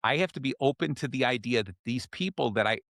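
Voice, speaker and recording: A man's voice: medium pitch, lively intonation, fast, vocal fry, fairly bright tone, no echo, studio quality. A man hosting a self-help podcast, explaining ideas in a casual way and often checking in with "okay?". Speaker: podcast host.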